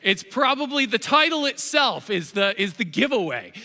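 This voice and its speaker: A man preaching a sermon as pastor, telling the story with lively, animated delivery and acting out its characters. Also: very high-pitched, moderate pace, big-room sound. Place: church auditorium.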